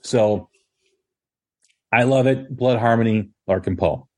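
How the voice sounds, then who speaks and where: A man hosting a casual music podcast, talking in a relaxed, rambling way with many ums and restarts. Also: mid-range voice, takes it slowly. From Chicago area. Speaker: podcast host.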